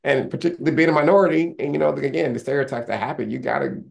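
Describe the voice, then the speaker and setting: A man's voice: medium pitch, very fast, gravelly, darkish tone. A man speaking as a lawyer guest in a candid interview, earnest and rambling, with many restarts and fillers.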